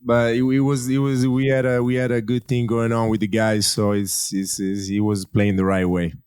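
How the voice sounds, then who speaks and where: A man with an Italian accent co-hosting a podcast, speaking in a halting way as he searches for words. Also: medium pitch, flat delivery, a little mellow, smooth, no echo. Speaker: co-host, basketball player.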